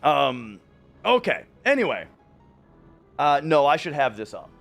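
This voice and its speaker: A man's voice: on the high side, huge pitch swings, measured pace, gravelly, a bit bright, faint music behind. A man from Minnesota with a light Minnesotan accent, chatting casually on a speedrun stream and restarting his sentences often. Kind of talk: casual livestream chat.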